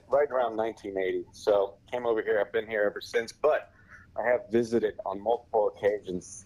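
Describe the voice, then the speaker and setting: Laid-back low-voiced man on a podcast. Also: a little mellow, breathy edge, dull audio. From Australia. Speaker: guest reporter. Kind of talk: casual podcast chat.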